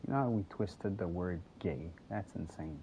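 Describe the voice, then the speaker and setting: A man with a low-pitched voice streams a game at normal speed, rambling, joking, and tripping over repeated words in casual gameplay commentary. The recording is muffled and noisy, with a steady hum in the background.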